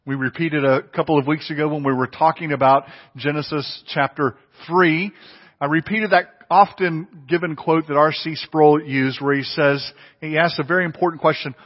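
A man's voice: a little high, normal speed. A man preaching a sermon with earnest emphasis, often repeating his phrases for weight. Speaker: pastor. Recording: dull audio with long hall reverb.

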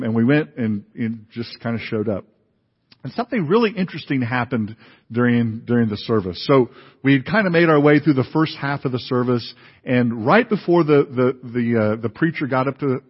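A pastor giving a sermon in a conversational way, with many fillers and restarts. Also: male voice, medium pitch, breathy edge. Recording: dull, lo-fi recording in a reverberant hall.

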